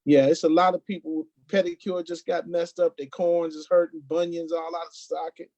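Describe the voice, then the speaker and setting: A man's voice: on the high side, little pitch movement, normal speed, dark tone, lo-fi sound. A man co-hosting, commenting in a folksy, sermon-like way. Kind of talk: casual commentary.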